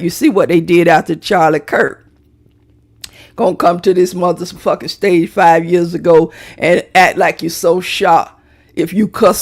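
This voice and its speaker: A middle-aged vlogger ranting to viewers in a brash, profane, theatrical way, straight into a phone or webcam. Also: mid-range voice.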